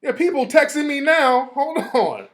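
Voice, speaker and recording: A man's voice: extremely high pitch, big pitch swings, moderate pace. A man hosting his own show, ranting casually and profanely while reading out text messages. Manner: profane, heated, reading texts aloud. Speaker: show host. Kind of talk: casual live rant.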